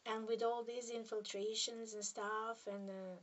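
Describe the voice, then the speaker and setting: A woman from Serbia with a Serbian accent, a spiritual healer talking to camera in a hesitant, halting way that keeps dropping into soft near-whispers. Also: on the high side, level tone, far from the mic, background noise. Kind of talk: casual monologue to camera.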